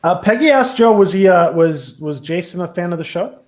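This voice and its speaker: A man's voice: high-pitched, lively intonation, normal speed, darkish tone. Upbeat man host reading questions. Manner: upbeat, reads questions aloud. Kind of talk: casual live-stream chat.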